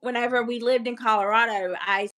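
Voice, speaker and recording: A woman's voice: a little high, steady tone, fairly quick, pushed and bright. A middle-aged woman from North Carolina with a Southern accent, chatting casually on a livestream and laughing often. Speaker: livestream host. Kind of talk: casual live chat.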